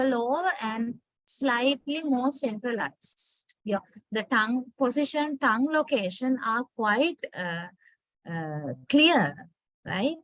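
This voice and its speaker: A woman's voice: on the high side, dry recording, rough recording. A middle-aged woman with a Sri Lankan English accent giving a university phonetics lecture, explaining step by step and often asking "right?".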